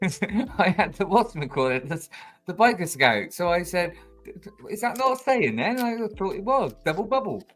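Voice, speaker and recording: Slightly higher voiced guy rambling with lots of ums, soft music in the back. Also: very animated, moderate pace. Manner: rambling, hesitant, many fillers. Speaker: co-host. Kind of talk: casual chat.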